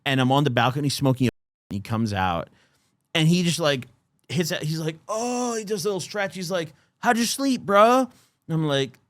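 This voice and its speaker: A young man spins a messy story for his co-host, his voice a touch higher than most men's. The sound is dry and close, with no room around it. He throws himself into the quotes, cussing and mimicking freely. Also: a little fast, no room sound. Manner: animated, acts out quotes with swearing. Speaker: podcast host. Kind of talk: casual storytelling chat.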